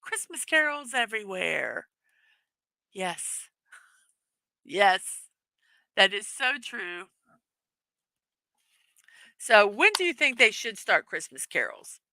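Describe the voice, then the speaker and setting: A chatty woman hosting a live stream, giggling and filling her pauses with ums and uhs. Her voice is bright and clear. The sound is dry and close. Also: medium pitch, very animated, dry recording, low-quality recording. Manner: chatty, giggly, with many fillers. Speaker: livestream host. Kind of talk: casual live chat reading viewer comments.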